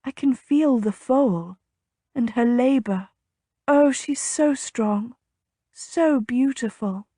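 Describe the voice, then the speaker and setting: A woman voicing an eager young blind woman who speaks with soft, breathless wonder, in an audiobook. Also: a little high, slow pace, no echo, studio quality, pitched above the performer's own voice. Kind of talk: audiobook character voice.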